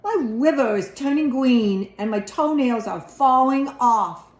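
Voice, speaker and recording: A woman's voice: fairly high pitch, animated, unhurried, pitched above the performer's own voice. A woman doing a squealing, sing-song toddler boy. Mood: playful. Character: little boy, a silly chattering toddler. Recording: echoey room.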